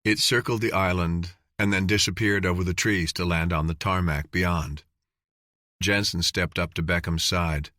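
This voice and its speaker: A man narrating an audiobook in an even, measured reading. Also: deep voice, no echo, clean studio sound. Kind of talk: scripted narration.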